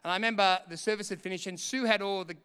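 A middle-aged male pastor with a high, bright, clear voice preaches with passion, swinging between hushed storytelling and ringing exhortation. His sermon carries a long reverb from a big church hall. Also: fairly even intonation, racing. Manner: impassioned preaching that swells to shouts between quieter storytelling.

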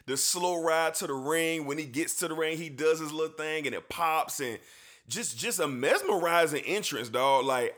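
A man's voice: a little high, moderate pace. Laid-back male sports show host. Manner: relaxed, repeats words, slangy. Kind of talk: casual sports talk.

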